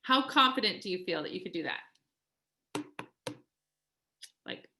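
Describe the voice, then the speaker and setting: A woman's voice: on the low side, huge pitch swings, takes it slowly, noisy background. A woman life coach talking casually to a live coaching group. She is chatty, says "like" often and acts out quoted voices.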